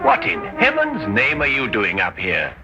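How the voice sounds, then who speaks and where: Sherlock Holmes, speaks in a crisp, dry, formal way, with a lively rise and fall in his voice. Loud orchestral music plays beneath his lines. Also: medium pitch, normal speed, lo-fi sound. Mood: wry. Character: Sherlock Holmes, dry, brisk Victorian detective. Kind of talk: 1950s television drama acting.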